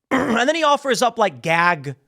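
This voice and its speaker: A podcast host tears into his critics in a ranting monologue, and his high voice leaps up and down as he mocks and repeats himself for emphasis. He speaks straight into a studio microphone. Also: big pitch swings, a little slow, vocal fry, sharp tone. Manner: emphatic and mocking, repeats phrases for effect.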